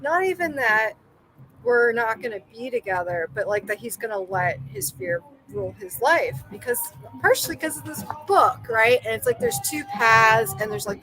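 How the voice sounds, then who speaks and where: A young woman telling a personal story in casual chat, rambling with lots of fillers and animated self-quoting. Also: on the high side, a little hiss or hum, low-quality recording. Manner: rambling, full of likes and you-knows, animated quoting. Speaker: podcast guest.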